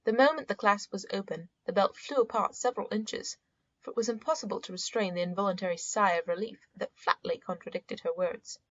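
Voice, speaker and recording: A woman narrating a storybook in a measured, expressive reading. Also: medium pitch. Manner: measured and expressive, voices the uncle in quotes. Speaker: audiobook narrator. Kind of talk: scripted narration. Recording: dull, muffled audio.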